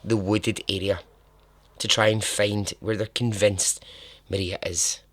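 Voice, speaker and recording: Man, low voice, casual irreverent true-crime storyteller, swears, dry close mic. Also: little pitch movement, a little slow, no room sound. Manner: chatty and irreverent, swears, laughs at his own asides. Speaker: podcast host.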